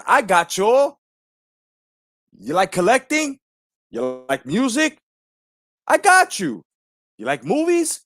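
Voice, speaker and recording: A man's voice: sits high, no room sound, studio quality. A man in his forties hosting his own channel, delivering a profane, confrontational rant. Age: 40s. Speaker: YouTube channel host. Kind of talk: ranting monologue.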